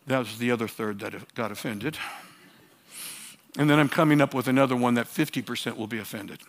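A man preaching a sermon as pastor, emphatic and repetitive, swinging between loud urging and quiet asides. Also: medium pitch, brisk. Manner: repeats phrases for emphasis.

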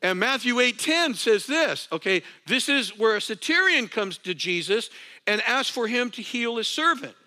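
A man preaching a sermon as pastor, animated, dropping to soft asides and rising to loud emphasis, sometimes laughing at himself. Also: extremely high pitch, normal speed.

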